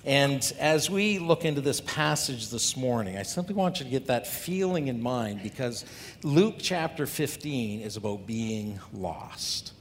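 In an expressive voice at a measured pace, a pastor talks through scripture conversationally, asking rhetorical questions of the congregation. Long hall reverb and a faint rumble color the audio.

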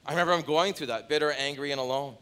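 A man preaching a sermon, moving from quiet storytelling to loud, rising pleas, often repeating phrases for emphasis. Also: fairly high pitch, rapid-fire, smooth. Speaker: pastor.

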